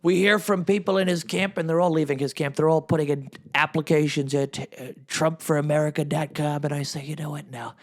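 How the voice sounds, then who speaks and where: A man's voice: a little high, steady tone, fairly quick, few pauses, natural voice. A man doing a boastful rambling older president. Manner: rambling, boastful, repeats phrases. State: losing his voice. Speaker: comedian doing a podcast impression. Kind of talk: comedic impression monologue.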